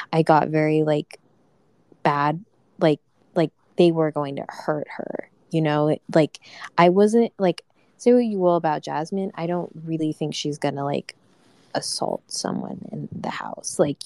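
Creaky low woman, full of "like"s. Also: dark tone, dry recording. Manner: filler-heavy, hesitant, keeps saying "like". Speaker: participant in a live audio chat. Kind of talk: casual reality-show reaction.

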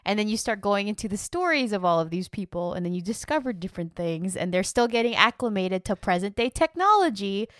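Recorded studio-quality with no echo, a young woman co-hosting a podcast chats casually, laughing often. Her mid-range voice is animated and a little fast, with few pauses.

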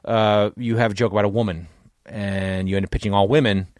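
A man's voice: fairly low pitch, fairly even intonation, a little fast, darkish tone, no echo, studio quality. A man co-hosting a podcast in casual chat, laid-back, laughing easily and swearing. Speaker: podcast co-host.

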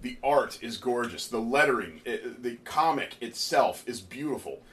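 A man hosting a casual comic review chat, ranting in an animated, exasperated way. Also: medium pitch, moderate pace. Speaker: comic book podcast host.

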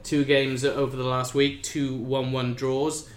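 A man hosting a casual football podcast, introducing segments in a relaxed way with fillers. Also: mid-range voice, a little slow, reverberant, faint music behind. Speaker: podcast host.

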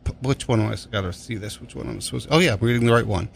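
A man hosting a radio show chats casually into a studio microphone, with a voice of ordinary middle pitch. He rambles from thought to thought, cracks jokes and swears without a second thought. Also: quick pace, gravelly, few pauses. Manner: rambling, joking, swears freely. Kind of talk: casual on-air chat.

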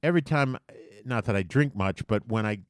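A man in relaxed conversation, telling a story in a loose, rambling way and swearing often. His voice sits at an ordinary middle pitch. The recording is dry and close, with no room sound at all. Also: a little fast, no echo. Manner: profane, rambling, with frequent filler restarts. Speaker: podcast co-host. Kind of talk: casual chat.

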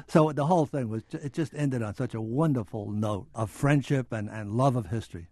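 A man's voice: mid-range voice, fairly quick, hardly any pauses, a little mellow, no echo, clean studio sound. An older man, an author and historian, reading from his book and then answering interview questions with many small restarts.

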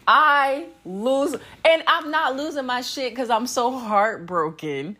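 Profane, animated woman ranting on a podcast. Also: on the high side, extremely slow. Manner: blunt, profane, animated, laughs often. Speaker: podcast host. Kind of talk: casual solo podcast rant.

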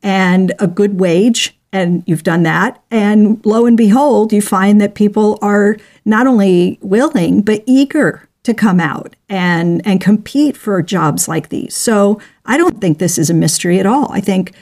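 A woman's voice: medium pitch, unhurried, hardly any pauses, a little mellow. A woman guest in a conversation, explaining her views in a matter-of-fact way. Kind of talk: casual conversation.

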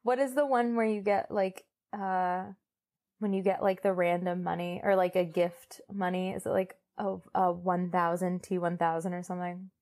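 Her voice is fairly low, level and somewhat dark as she co-hosts a podcast, reading novel passages aloud in between casual chat. She jokes, laughs a lot, and pauses on filler words.

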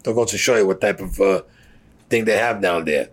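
A man's voice: sits low, brisk. An older man in an interview, telling a long story bluntly, swearing constantly and acting out what others said. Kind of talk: profane storytelling.

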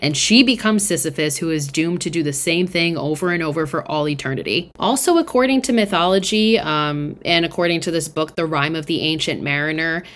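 Young woman podcaster, low voice, chatty recap, swears a lot, says like constantly. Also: a little fast, hardly any pauses, fairly bright tone. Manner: chatty, swears often, fillers like "like". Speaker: podcast host. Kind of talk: casual film recap.

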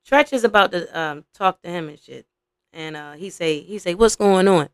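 A young adult woman hosting a podcast, giving blunt, profane, animated reaction commentary. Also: on the low side, normal speed, clear, resonant tone, no echo, clean studio sound. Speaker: podcast host.

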